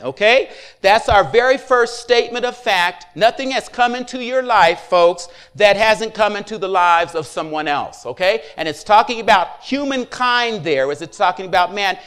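High-voiced man preaching a sermon. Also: fairly bright tone, clean tone. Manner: conversational preaching with call-and-response asides. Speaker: pastor.

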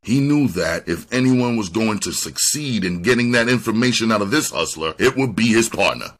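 A man's voice: fairly low pitch, animated, moderate pace, fairly bright tone. A man reading a crime novel aloud as an audiobook narrator, telling the story expressively. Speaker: audiobook reader.

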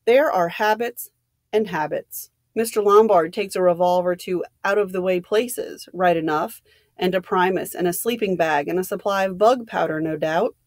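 A woman's voice: on the low side, normal speed, dry recording, clean studio sound, lightly acted. A woman reading as a blunt, suspicious ex-inspector. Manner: gruff, blunt, distrustful. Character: suspicious blunt ex-police inspector, middle-aged man.

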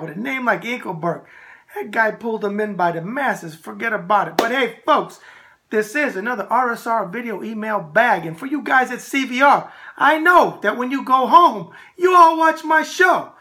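A brash, animated middle-aged man with a New York accent hosts a casual talk show. His voice is bright and punchy. He swings freely between loud bursts and low asides. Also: moderate pace. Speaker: host.

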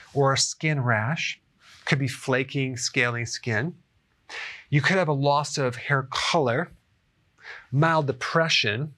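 Casting: middle-aged man, mid-pitched, chatty health explainer to camera, frequent "okay?" check-ins. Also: a bit bright. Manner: chatty, often adds "okay?". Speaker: health educator. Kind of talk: casual explainer talk to camera.

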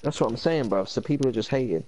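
A young man, ranting in animated slang during a casual chat while gaming. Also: medium pitch, fast talker, a crowd in the background.

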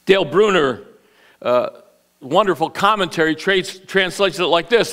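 A male pastor preaching an Easter sermon, telling a story with lively delivery and playful acted-out voices. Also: on the high side, moderate pace. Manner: animated storyteller, acts out voices. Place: church sanctuary.

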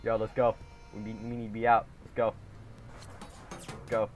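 Taunting opponents and laughing when things get exciting, a young man narrates his gameplay with slang, swearing, and recurring catchphrases. He speaks at a normal speed in a fairly low voice over soft background music.

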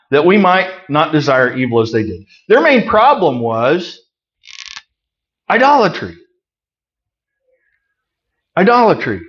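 A middle-aged man preaching a conversational sermon, folksy with joking asides, swinging from loud emphasis to quiet remarks. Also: a little high, lo-fi sound. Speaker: pastor.

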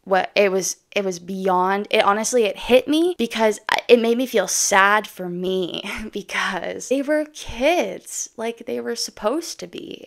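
A young Canadian woman vlogging off the cuff, her voice sitting at an ordinary middle pitch with a lot of gravelly fry at the ends of phrases. She talks emphatically and swears freely. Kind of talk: casual monologue to camera.

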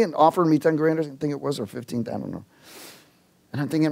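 Animated male preacher telling a story. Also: a little high, vocal fry. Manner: animated storyteller, acts out dialogue; halting restarts, chuckles. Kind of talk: sermon with personal story.

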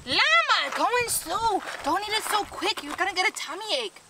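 A woman vlogging outdoors, excitedly calling out as she hunts for a lost toy llama. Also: very high-pitched, normal speed, very noisy. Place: outdoors in woods.

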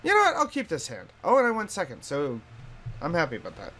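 A man's voice: fairly high pitch, huge pitch swings, fast talker, bright, forceful tone. A man casually commenting on his own card game play in a bedroom, thinking aloud, laughing often, his voice and accent shifting. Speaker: streamer. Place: hot bedroom.

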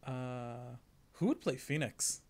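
A man's voice: medium pitch, takes it slowly, a little mellow. Joking man hosting a game stream. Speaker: streamer host. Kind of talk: casual stream banter.

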